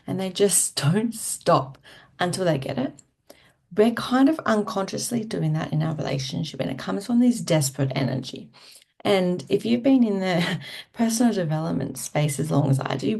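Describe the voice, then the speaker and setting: A woman's voice: on the low side, creaky, mellow. A woman relationship coach giving casual, candid advice to camera, often checking in with "okay?" and restarting words as she goes. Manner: candid, occasionally swears.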